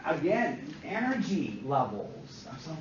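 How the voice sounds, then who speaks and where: Guy teaching a class, kinda high voice, keeps hammering his point, sounds far off in an echoey room w a bit of hiss. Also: big pitch swings, takes it slowly. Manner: emphatic, repeats himself, asks the class questions. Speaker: instructor. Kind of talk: classroom lecture. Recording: distant, echoey, dull classroom recording.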